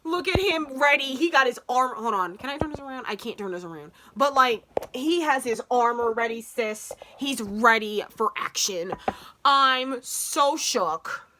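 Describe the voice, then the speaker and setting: A woman gushing excitedly in casual commentary as she reacts to a show, swearing and breaking off mid-sentence. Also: a little high, moderate pace, hardly any pauses, a little hiss or hum.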